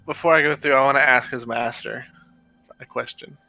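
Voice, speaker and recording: A man's voice: medium pitch, fairly even intonation, fairly quick, creaky, pushed and bright, no echo, muffled recording, soft background music. A man playing a tabletop game, asking eager, direct questions. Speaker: player. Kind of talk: casual tabletop play over a call.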